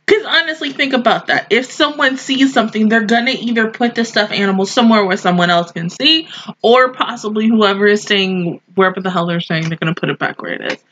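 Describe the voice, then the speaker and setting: A young woman in her twenties hosting an anime reaction, telling stories in a casual, animated way that keeps breaking into laughter. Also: medium pitch, brisk, a little hiss or hum. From Southern United States. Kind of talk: casual review chat. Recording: dull lo-fi mic sound.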